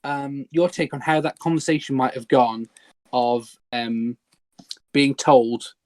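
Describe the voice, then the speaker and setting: A man hosting a casual podcast chat, hesitant with fillers and quick laughs. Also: medium pitch, dry recording. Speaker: podcast host.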